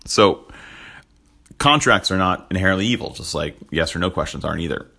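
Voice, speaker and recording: A man's voice: low-pitched, expressive, fairly quick, vocal fry, bright, forceful tone, slightly rough. A young man giving a casual devotional talk, rambling with joking asides and frequent chuckles. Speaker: Christian speaker.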